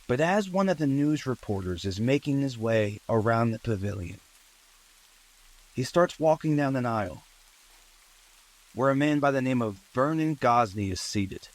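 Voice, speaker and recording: A man's voice: medium pitch, expressive, normal speed, long pauses, low-quality recording. Man, storyteller, conversational true-crime narration, mid-range voice, rain in the background. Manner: conversational, with asides and fillers.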